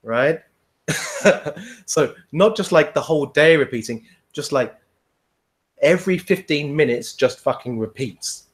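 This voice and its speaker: A man's voice: fairly high pitch, animated, unhurried, pauses often. A man in casual podcast chat, telling a long rambling story, swearing freely and laughing often. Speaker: podcast guest.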